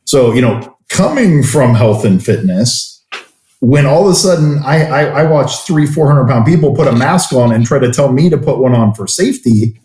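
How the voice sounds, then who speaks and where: A man's voice: medium pitch, animated, normal speed, mellow. Blunt fitness coach man in an echoey room. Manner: blunt and opinionated. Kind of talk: casual chat. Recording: roomy echo.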